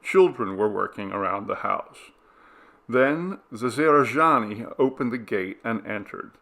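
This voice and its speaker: A man narrating a classic story, measured and expressive. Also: mid-range voice, creaky. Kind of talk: audiobook reading of a classic story.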